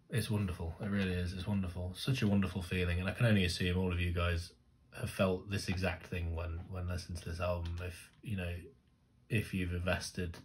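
Excitable man, lowish voice. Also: normal speed, slight background noise. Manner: gushing, excitable, laughs and sings along; rambling with many restarts. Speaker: music reaction host. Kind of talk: casual reaction commentary. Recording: music playing faintly behind.

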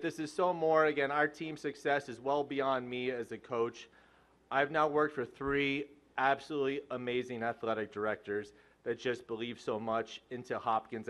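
A man's voice: medium pitch, a bit bright. A man in his forties, a head track coach, giving a joking, self-deprecating and rambling hall of fame acceptance speech. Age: 40s.

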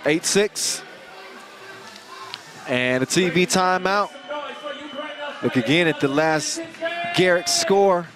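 A man calls a live basketball game, quick with a joke and loud on the big plays. His voice sits fairly high. A busy arena crowd and music play steadily behind him. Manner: energetic, joking, rising to shouts on big plays. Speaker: play-by-play commentator. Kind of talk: live sports commentary. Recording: crowd and music under the commentary.

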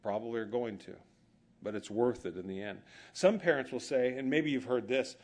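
A man preaching a sermon in an easygoing, conversational way, with jokes woven through anecdotes. He often acts out what people said, and his voice sits at an ordinary middle pitch. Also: normal speed. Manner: storytelling with humor, acts out quoted dialogue. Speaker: pastor.

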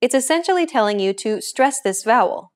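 A woman hosting a language lesson, reading a script with a clear, upbeat teacher's delivery. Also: on the high side, lively intonation, brisk.

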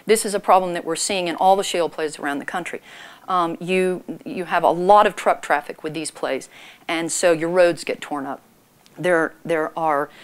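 A middle-aged woman, hoarse from a cold, giving a measured talk to an audience with dry, pointed asides. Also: on the low side. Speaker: public speaker.

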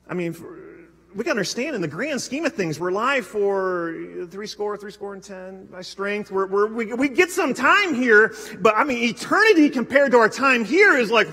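A young adult male pastor preaching a sermon in a church sanctuary, animated, acting out quotes with big swings and frequent restarts. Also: sits high, moderate pace, husky. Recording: long hall reverb.

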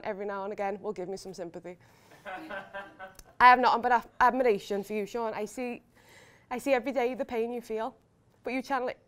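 Clear-voiced bride, higher pitch. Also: female voice. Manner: emotional, laughing between lines. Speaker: bride giving a wedding speech. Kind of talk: heartfelt wedding speech. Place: hotel wedding reception.

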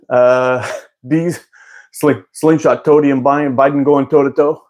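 A man's voice: mid-range voice, steady tone, a little slow, darkish tone. A man hosting a live stream, chatting casually with viewers in a rambling way and laughing often. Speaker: live-stream host answering chat.

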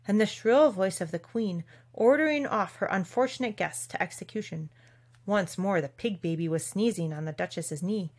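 A woman reading a classic children's story aloud in a measured, expressive narration. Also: medium pitch. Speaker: audiobook reader.

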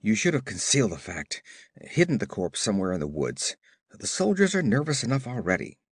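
A man's voice: fairly low pitch, huge pitch swings, a little fast, husky, no room sound, studio quality, full character voice. A man reading a careworn young fort governor. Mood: worried. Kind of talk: audiobook character reading.

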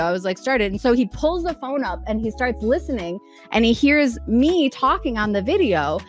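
A woman telling a casual, excited story to her viewers, bubbly and gushing, with quick jumps up in pitch when she gets excited. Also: faint music behind. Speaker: streamer and vlogger.

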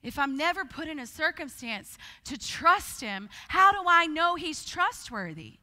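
A woman preaching at a conference, telling her story in a lively way and acting out the voices of the people in it. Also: high voice, measured pace. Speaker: guest speaker. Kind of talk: conference sermon with testimony. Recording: long hall reverb.

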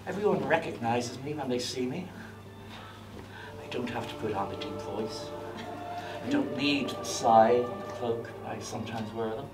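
An actor playing a dry-humoured male Grim Reaper in a stage monologue, low and wry. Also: moderate pace, lightly acted. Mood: deadpan. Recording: distant echoey stage with music.

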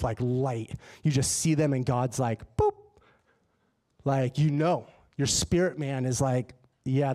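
A man preaching a sermon in a church, telling a personal story in a lively, conversational way. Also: mid-range voice. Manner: animated and conversational, acts out his own dialogue. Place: church sanctuary.

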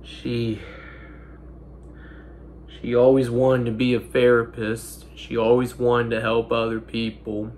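A young man in his twenties, speaking in halting, broken sentences while holding back tears, his nose stuffy. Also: medium pitch, completely flat delivery, darkish tone, a little hiss or hum. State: stuffy-nosed. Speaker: vlogger. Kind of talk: emotional personal monologue.

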